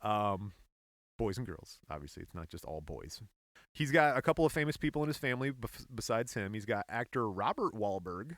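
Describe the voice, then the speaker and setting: A man's voice: lowish voice, expressive, brisk, fairly bright tone, no room sound, studio quality. A man hosting a casual comedy podcast who reads facts off his notes, jokes and laughs often. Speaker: podcast host.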